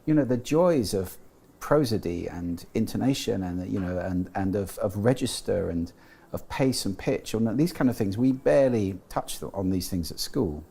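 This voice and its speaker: Gravelly, husky British man explaining. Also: lowish voice, animated, normal speed, mellow. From Britain. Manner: thoughtful, explanatory, with frequent restarts and "you know". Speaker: guest, sound and speech expert. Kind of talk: interview conversation.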